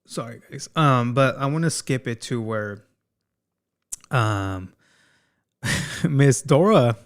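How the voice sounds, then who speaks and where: Male commentary host, mid-pitched, clean resonant voice, casual slangy delivery. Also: slow. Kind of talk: gossip commentary.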